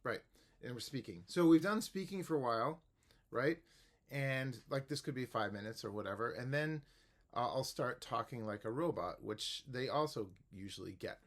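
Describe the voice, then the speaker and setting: Male music teacher, casual explainer, rambling and relaxed. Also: mid-range voice, normal speed. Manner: relaxed, rambling, many fillers and restarts. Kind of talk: casual instructional talk to camera.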